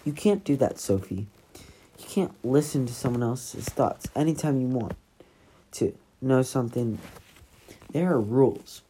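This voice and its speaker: A woman's voice: a bass voice, lively intonation, a little slow, dark tone, a little hiss or hum, rough recording. A woman voicing a stern, protective teenage boy.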